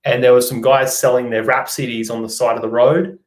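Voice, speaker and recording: A man's voice: medium pitch, level tone, brisk. Chatty Australian young man. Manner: chatty, reads out viewer comments. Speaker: vlogger. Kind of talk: casual live-stream chat.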